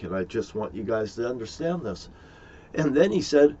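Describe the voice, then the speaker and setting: A man's voice: mid-range voice, very animated, normal speed, warm tone, husky. Profane, aggrieved middle-aged man. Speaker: vlogger. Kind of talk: rambling monologue to camera. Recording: dull lo-fi recording.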